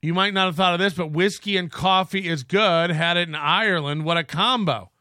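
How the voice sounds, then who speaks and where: A man's voice: sits high, fairly quick, sharp tone, no echo, studio quality. A man hosting a livestream, rambling casually with a sarcastic, blunt manner. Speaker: host.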